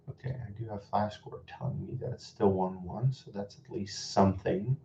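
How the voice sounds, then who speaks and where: A man's voice: fairly low pitch, moderate pace, hardly any pauses, mellow. A young Dutch man with an American-tinged English accent, chatting through a live reaction stream with rambling asides and exasperated comments. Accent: American-influenced English. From Netherlands. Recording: slightly dull echoey room with faint noise.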